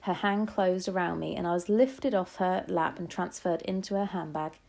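A woman reading a children's novel aloud in a steady, gentle storytelling manner. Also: fairly low pitch, normal speed, gravelly. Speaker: reader.

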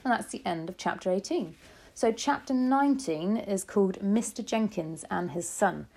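Woman, reading a children's novel aloud, mellow dark tone, steady gentle storytelling. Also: mid-range voice, normal speed, vocal fry. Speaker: reader.

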